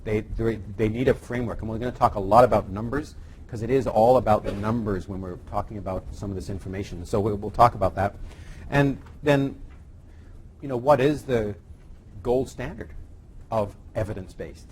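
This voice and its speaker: A man's voice: lowish voice, brisk, a little mellow, a little hiss or hum. Jokey conversational male lecturer. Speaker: lecturer on evidence-based medicine. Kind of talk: live teaching session with banter.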